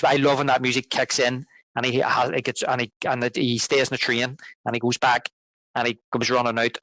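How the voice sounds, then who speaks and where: A man's voice: mid-range voice, a bit bright, no echo, poor audio. A man co-hosting a film podcast, rambling through a casual film discussion with many restarts as he retells scenes. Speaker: podcast co-host. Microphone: podcast microphone.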